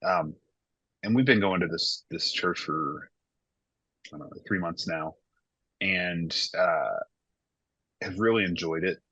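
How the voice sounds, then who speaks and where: A man's voice: sits low, slow, pauses often, sharp tone, slightly rough, no room sound. A man in his thirties, a worship pastor, talking candidly and reflectively in a casual podcast conversation. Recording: dull lo-fi dry sound.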